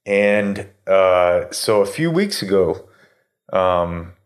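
A man's voice: sits low, expressive, very slow. A man in his thirties telling a story in casual chat, rambling with lots of fillers and swearing. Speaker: podcast host telling a story.

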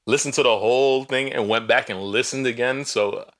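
A man's voice: mid-range voice, fairly even intonation, normal speed, fairly bright tone. Young guy cracking jokes on a podcast, laid back. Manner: joking, teasing banter. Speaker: podcast co-host. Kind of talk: casual chat.

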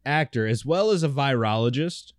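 A man's voice: mid-range voice, animated, moderate pace, dry recording, studio quality. A man from Virginia in casual comedic chat, joking and crude. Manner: joking, crude, does silly accents.

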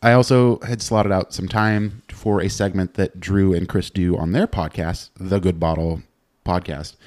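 A man's voice: low-pitched, steady tone, measured pace, a little mellow. A young adult man hosting a podcast in casual chat, laid-back and swearing freely as he plugs accounts. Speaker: podcast host.

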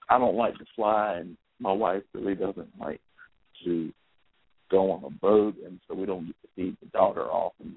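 A man's voice: sits low, slightly rough, no echo, exaggerated voice. A man voicing a polite, earnest older grandfather making requests. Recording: tinny phone-like, dry.

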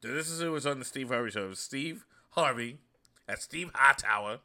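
A man in his thirties hosting a show, talking in a chatty, storytelling way with animated asides. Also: mid-range voice, a little fast. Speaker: host. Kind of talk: casual monologue.

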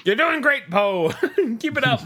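A man's voice: extremely high pitch, very animated, unhurried, pushed and bright. A man playing a tabletop game, joking and laughing between phrases. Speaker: player.

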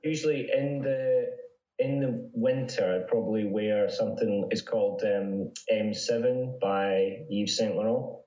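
A man's voice: fairly low pitch, a little slow, dark tone, echoey room, muffled recording. A man speaking as a psychology researcher guest in a casual interview, chatty with frequent restarts. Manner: chatty, with many restarts and laughs.

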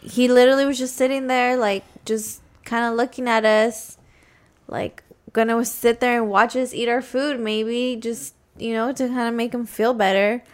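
A woman's voice: a little high, level tone, normal speed, clear, resonant tone. A woman co-hosting a podcast, telling a story in casual chat, full of ums and likes. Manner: many fillers, um and like. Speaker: podcast co-host.

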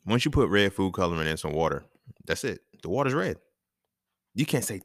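Man, deep voice, lively swooping pitch, dry close sound, profane casual monologue, young adult. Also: a little fast, pauses often, no room sound. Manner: animated, profane, laughs often. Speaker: podcast host.

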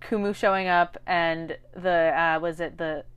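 A woman talks casually about a TV series with a friend. She is animated and quick to act out lines from the characters as she tells the story. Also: fairly low pitch, smooth, dull audio. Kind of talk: casual chat about a TV show.

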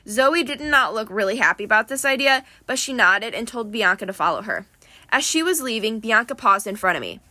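Woman, audiobook narrator, steady storytelling, slightly high voice, bright. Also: fairly quick, dry recording. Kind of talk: first-person novel narration.

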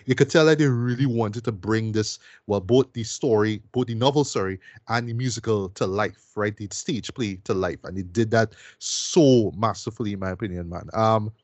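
On a casual podcast, a man rambles through a film review, repeating words, using fillers and tacking "boy" and "right?" onto his sentences. His voice is lowish and darkish in tone, at a moderate pace with few pauses, recorded dry.

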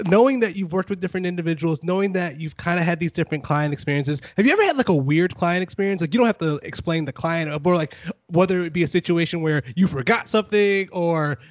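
A man's voice: high voice, quick pace, dry recording. A man hosting a podcast, asking loose, rambling questions in a casual chat and laughing easily. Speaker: podcast host.

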